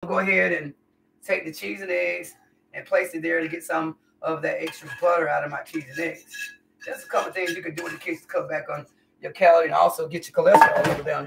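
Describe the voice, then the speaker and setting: Gravelly woman chatting while cooking. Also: deep voice, steady tone, quick pace, distant mic, noisy background. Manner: folksy, chatty, calls viewers y'all and honey. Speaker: home cook livestreamer. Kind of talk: casual live cooking chat. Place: home kitchen.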